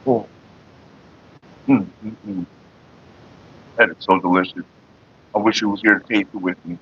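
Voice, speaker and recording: Over a muffled recording with slight background noise, a vlogger with a lowish voice speaks at a quick pace and a steady tone. Hosting a smoking session on his own casual vlog, he rambles, jokes loosely, and names viewers and chatters.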